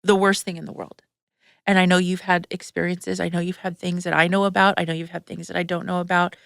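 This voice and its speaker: Talking fast with a level tone, this podcast host has a lowish, slightly bright voice with vocal fry. She tearfully and candidly retells something personal, swearing freely and full of fillers, in studio-quality audio with no room sound.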